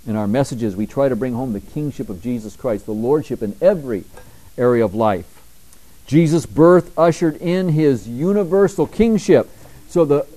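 Man preaching with a mellow voice. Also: low-quality recording. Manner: reads scripture slowly and emphatically, rising in pitch and volume; conversational asides, dropping quieter between readings. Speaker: pastor. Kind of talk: sermon. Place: church.

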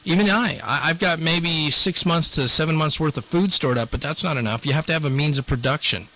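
A man's voice: on the high side, a little fast, bright, forceful tone, muffled recording, slight background noise. A man hosting a talk show, delivering a blunt, scolding monologue. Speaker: radio show host.

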